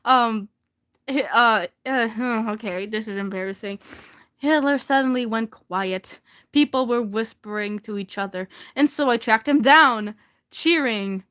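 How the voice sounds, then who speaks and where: A woman's voice: on the high side, unhurried, a bit bright, clean tone. A young woman casually reading her old fanfiction aloud for laughs, giggling and stumbling over the words.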